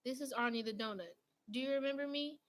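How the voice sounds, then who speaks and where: Storybook role: a high, loud, fussy little doughnut fellow, outraged and overly polite, put on by a woman reading. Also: fast talker. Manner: polite, then shrill and outraged. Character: anxious, indignant male talking doughnut.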